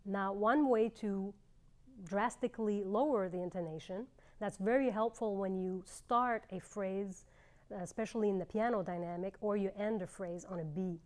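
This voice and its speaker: A middle-aged woman gives a clarinet lesson, explaining each step clearly and patiently. She speaks at a medium pitch and pauses between ideas. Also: darkish tone. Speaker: clarinet teacher. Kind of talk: instructional demonstration.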